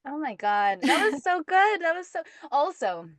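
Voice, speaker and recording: A woman's voice: high voice, big pitch swings, moderate pace, no room sound. A woman hosting a podcast interview, chatty and bubbly, with stumbling restarts and frequent laughter. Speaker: podcast host. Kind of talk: casual interview chat.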